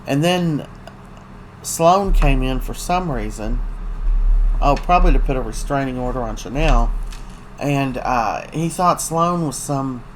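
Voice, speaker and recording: A talkative host recaps a soap opera's week in loose, gossipy chat, full of ums and uhs and quick acted-out lines from the characters. The voice sits at a middling pitch. A faint hum runs underneath. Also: expressive, low-quality recording. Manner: chatty, gossipy storytelling with many fillers.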